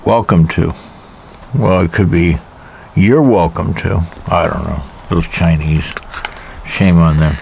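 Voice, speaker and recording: A man's voice: low-pitched, measured pace, gravelly, pauses often, a little mellow, slight background noise. A man casually reviewing a pocket knife in a rambling, wry way, with jokey asides.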